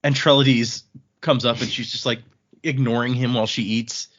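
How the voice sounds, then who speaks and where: A man's voice: medium pitch, steady tone, normal speed, fairly bright tone. A man hosting a podcast, chatting casually as he retells book scenes with frequent restarts. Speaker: podcast host. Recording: dull lo-fi audio.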